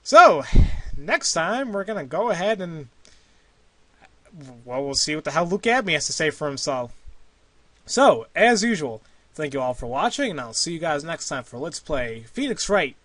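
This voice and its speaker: A man's voice: a little high, expressive, normal speed, fairly bright tone, dry recording. A man hosting a let's play, chatting casually and rambling with self-corrections. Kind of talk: casual game commentary.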